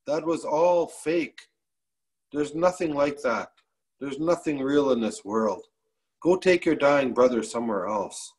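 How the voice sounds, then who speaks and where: A man voicing a big, greedy man who turns people away at a lodge, gruff and dismissive. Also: mid-range voice, measured pace, a little mellow, close to an everyday voice.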